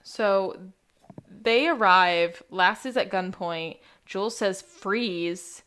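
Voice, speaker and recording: A woman's voice: medium pitch, smooth. A woman co-hosting a podcast, chatting casually and giggling as she recaps a TV episode. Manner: giggly, animated, quick reactions. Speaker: podcast co-host.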